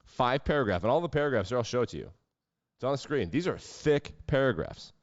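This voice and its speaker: A man's voice: mid-range voice, animated, fairly quick, no room sound, highs cut off. A man hosting a solo sports podcast, talking casually with sarcastic, wry asides. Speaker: podcast host.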